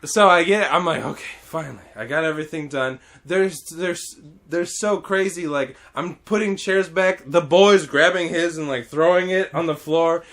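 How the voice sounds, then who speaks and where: A man hosting a podcast, telling a story in casual chat, animated, laughing often and swearing freely. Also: high voice, measured pace.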